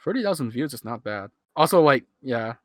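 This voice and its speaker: Very animated and fairly quick, this mid-range male voice belongs to a Hong Kong streamer in his twenties commenting casually on his old video live. He rambles, chuckles and teases himself, speaking Hong Kong English with a partly American lean into a cheap USB microphone. The sound is clean, studio-like and echo-free.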